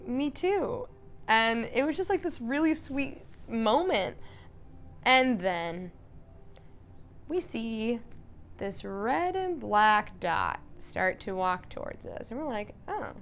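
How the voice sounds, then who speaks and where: Animated, chatty woman telling a story. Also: a little high, takes it slowly. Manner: animated, chatty, full of fillers and laughs. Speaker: vlogger. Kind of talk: casual storytelling recap.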